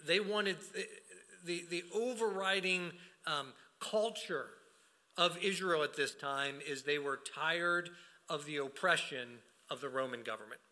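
A man's voice: on the high side, a little slow, bright, forceful tone. A man leading a prayer and then preaching a sermon, speaking earnestly with frequent fillers and restarts. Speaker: pastor.

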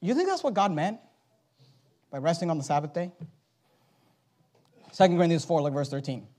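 A man preaching a sermon, reading scripture aloud and swinging between loud, emphatic exhortation and low, urgent asides. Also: sing-song, normal speed.

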